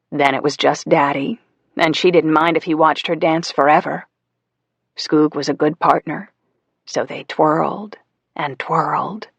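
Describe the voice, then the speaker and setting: A man narrating a psychological thriller audiobook in a measured storytelling manner, voicing the characters as he goes. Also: a little high, vocal fry, fairly bright tone, no room sound. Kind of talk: scripted narration.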